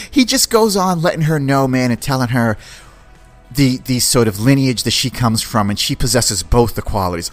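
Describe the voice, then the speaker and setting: A man hosting a podcast, giving an excited, slangy, rambling review of a series. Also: mid-range voice, normal speed, faint music behind. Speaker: podcast host. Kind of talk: casual film review.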